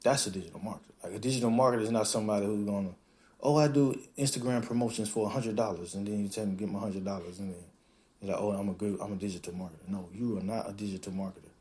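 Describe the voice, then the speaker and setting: A man hosting a podcast, talking in a casual, animated monologue that acts out quoted voices and swears freely. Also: lowish voice, very fast. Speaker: podcast host.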